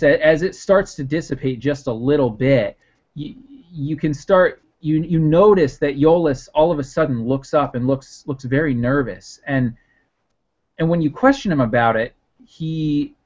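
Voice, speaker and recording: A man's voice: a little high, unhurried, darkish tone. A man narrating a tabletop game as game master, rambling with restarts, on a dull lo-fi recording. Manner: rambling, many fillers and restarts.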